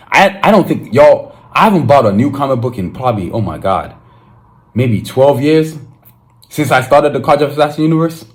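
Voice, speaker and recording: A young man talks through his own podcast in a relaxed, unscripted way. He sounds excited and emphatic, full of slang, and he restarts his sentences often. His voice sits at a middle pitch. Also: fairly quick. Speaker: podcast host. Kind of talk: casual solo podcast monologue.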